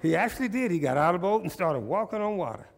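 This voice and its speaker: A male pastor preaching a sermon, animated and repetitive, drawing responses from the congregation. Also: high voice, fast.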